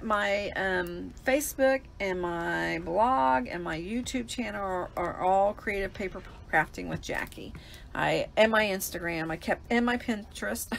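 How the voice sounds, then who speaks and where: A woman's voice: fairly low pitch, vocal fry, a bit bright, slight background noise. A woman hosting a live paper crafting demonstration, chatting and explaining each step as she works at a desk mic.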